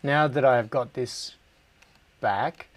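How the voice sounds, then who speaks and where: Taking it slowly at a medium pitch, this middle-aged Australian livestream host chats casually while he works. He thinks out loud, drifts off track and laughs a lot.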